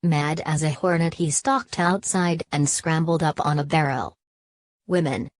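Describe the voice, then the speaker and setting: A woman narrating a children's storybook in an even, scripted reading voice. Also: low-pitched, normal speed, dry recording.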